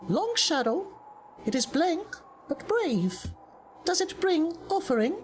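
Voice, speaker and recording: A woman's voice: very high voice, very animated, slow, slight background noise, voice pushed up, heavily acted. A woman voicing a small greedy creature trader who speaks of itself in the third person with broken grammar. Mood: eerie, coaxing.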